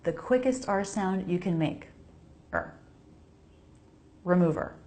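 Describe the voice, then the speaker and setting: With a mellow voice on the low side at normal speed, the American pronunciation teacher records from her home laundry area. She carefully demonstrates each English sound and repeats words so viewers can say them along.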